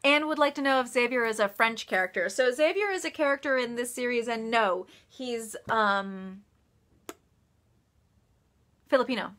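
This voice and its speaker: A woman's voice: fairly high pitch, normal speed, long pauses, a bit bright. A woman author chatting casually on a live stream, answering viewer questions with frequent laughs, ums and restarts. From United States. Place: office.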